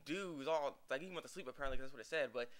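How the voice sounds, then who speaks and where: A man's voice: mid-range voice, racing, a bit bright. A young man casually recapping an anime episode, rambling and acting out the characters' lines with laughs. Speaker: anime reviewer.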